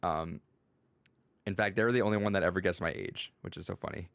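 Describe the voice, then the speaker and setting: Man, podcast host, low creaky voice, rambling, laughs often, dry close recording. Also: steady tone, a little fast, a bit bright, no room sound. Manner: rambling storytelling, laughs often, many fillers. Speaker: podcast host and school teacher. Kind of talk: casual podcast chat.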